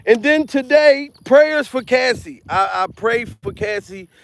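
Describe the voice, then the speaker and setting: A man doing a loud, profane comedic commentary vlog, repeating himself and laughing between rants. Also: very high voice, unhurried. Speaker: comedian vlogger. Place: outdoors.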